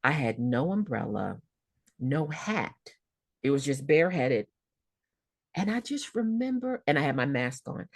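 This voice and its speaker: A woman guest telling a personal story in a podcast interview, vivid and expressive, often repeating words. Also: sits low, no room sound, clean studio sound.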